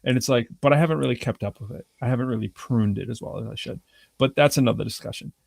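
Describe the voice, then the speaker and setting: Gravelly-voiced man telling animated stories. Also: medium pitch, fast, dry recording. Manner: animated storyteller who acts out quotes; chatty, frequent "you know what I'm saying". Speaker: rapper. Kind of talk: casual conversation.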